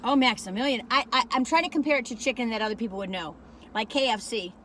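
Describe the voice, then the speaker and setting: A woman in her sixties chats her way through a food review, wandering off on tangents and talking straight to the people watching. Her voice sits high and bright. She records on a phone camera from a parked car, with a faint hiss of noise behind her. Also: fast. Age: 60s. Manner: rambling, digressive, talks straight to viewers. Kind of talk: casual chatty food review.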